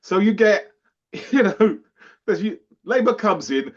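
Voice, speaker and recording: A man's voice: high-pitched, expressive, a little slow. A man co-hosting a podcast, chatting casually and animatedly, laughing and acting out quotes. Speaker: podcast co-host. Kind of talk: casual chat. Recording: dull lo-fi sound.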